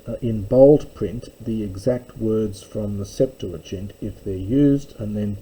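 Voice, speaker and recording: A man teaching a slow verse-by-verse Greek lesson, explaining word by word with pauses and fillers. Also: on the low side, dark tone, slightly rough, rough recording.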